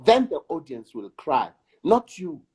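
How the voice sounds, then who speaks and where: A South African man, an actor and director, talking in an interview in a slow, emphatic way and repeating words for weight. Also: a little high, big pitch swings, a little mellow, breathy edge. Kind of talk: reflective conversation.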